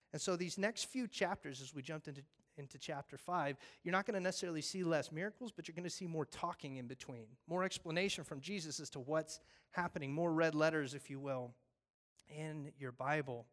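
A man's voice: fairly high pitch, brisk. A male pastor preaching a casual, conversational sermon that recaps scripture and jokes along the way. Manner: animated storytelling, acting out voices; conversational, jokey asides.

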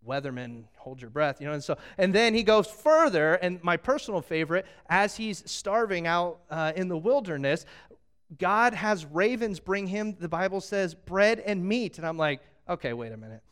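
A man preaching with lively, joking storytelling, acting out the voices of the people in the story. His voice sits high and rings smooth and clear. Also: normal speed. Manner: animated storytelling with humor, acting out quotes. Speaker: pastor. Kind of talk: sermon.

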